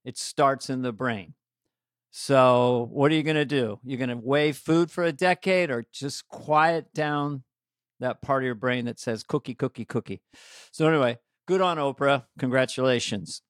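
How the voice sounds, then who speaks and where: A man's voice: mid-range voice, moderate pace, dry recording, studio quality. A man co-hosting a podcast in casual comedic chat, riffing and doing silly voices over a video call. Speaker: podcast co-host.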